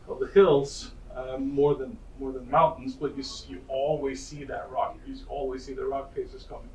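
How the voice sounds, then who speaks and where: A man's voice: a little high, darkish tone. A man from Norway with a Norwegian accent, casually telling childhood stories in a presentation, chatty and self-deprecating, with many restarts. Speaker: college counselor giving a presentation. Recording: roomy, distant mic with faint ambience.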